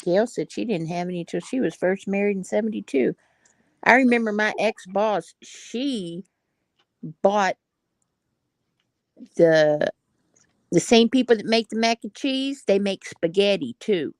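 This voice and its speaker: A woman telling a story in a relaxed, drawling way during a casual chat. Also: medium pitch, measured pace, long pauses, no room sound.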